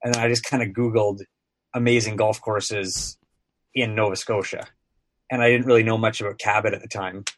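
A man's voice: fairly low pitch, fairly even intonation, fairly quick, no room sound. A sports broadcaster guest, a man in his thirties, telling casual stories on a podcast, rambling with lots of filler words.

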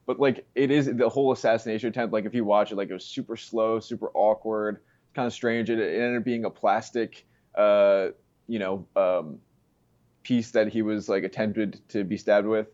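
A man talking politics in a casual chat, halting, with lots of fillers and "you know". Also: fairly low pitch, fairly even intonation, a little mellow, dull audio. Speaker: street interviewer guest.

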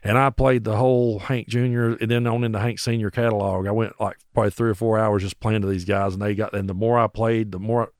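A man, a musician telling stories in an animated, casual way. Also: fairly low pitch, fairly quick, few pauses, dry recording, studio quality. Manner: animated, acts out voices. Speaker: musician guest. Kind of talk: casual storytelling.

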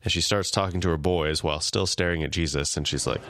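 A man's voice: sits low, steady tone, fast talker, fairly bright tone, slight background noise. A man co-hosting a podcast, recapping a TV episode casually and lightly acting out the characters' lines. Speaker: podcast co-host.

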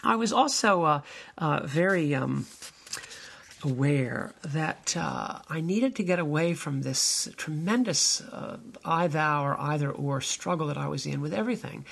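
Gravelly older man musing on faith. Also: on the high side, animated, a little slow, fairly bright tone. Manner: meandering, with many fillers and restarts. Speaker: podcast host, minister. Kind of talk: reflective spiritual monologue.

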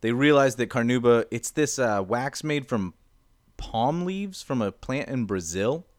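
A man's voice: medium pitch, animated, a little slow, no room sound, studio quality. A young man in casual chat as podcast cohost, explaining with lots of fillers and restarts. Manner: rambling explainer, many fillers.

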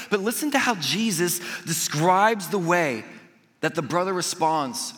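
A man delivers a sermon in a bright, forceful, fairly high voice, telling a story and acting out the voices of the people in it. His voice rings with a long reverb, as if filling a large hall. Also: lively intonation, moderate pace. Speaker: pastor.

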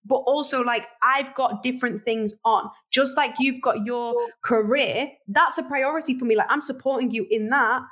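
A young woman hosts a casual podcast chat in a fairly high voice. She talks in an animated way, laughs often and drags out key words to make a point. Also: normal speed, few pauses. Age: young adult. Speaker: podcast host.

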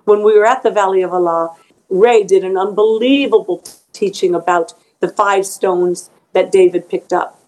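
A woman's voice: mid-range voice, moderate pace, low-quality recording. A middle-aged woman being interviewed as an author, speaking earnestly and emotionally about faith, often repeating words as she goes.

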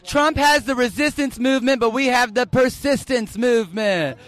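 High, bright campy male interviewer. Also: normal speed, faint music behind. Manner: flamboyant, teasing, showers people with endearments. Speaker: festival interviewer.

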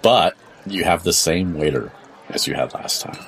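A man narrating as game master of a tabletop game podcast, describing scenes in a relaxed, wry way. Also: sits low, moderate pace, vocal fry, a little hiss or hum.

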